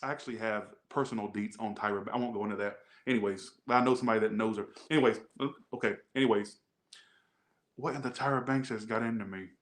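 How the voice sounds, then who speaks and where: A man's voice: lowish voice, fairly even intonation, fast. A man hosting a tarot reading video, chatting casually with rambling, joking asides. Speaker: tarot reader.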